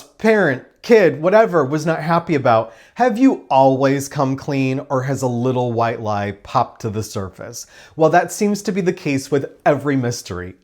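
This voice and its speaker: Opinionated man reviewing a TV show. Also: on the high side. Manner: emphatic and opinionated, acts out quoted lines; sarcastic, dismissive asides. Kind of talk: casual spoken review.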